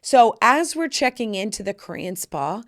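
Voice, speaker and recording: A woman's voice: medium pitch, moderate pace. A middle-aged woman hosting a podcast, telling stories in brassy, playful casual chat. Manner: animated, brassy storytelling with playful asides. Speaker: podcast host.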